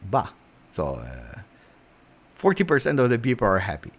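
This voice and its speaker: A man's voice: mid-range voice, wildly swooping pitch, normal speed, slightly rough. An Italian-accented man hosting a football livestream, chatting casually and reading out viewer messages with many fillers. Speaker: football channel host.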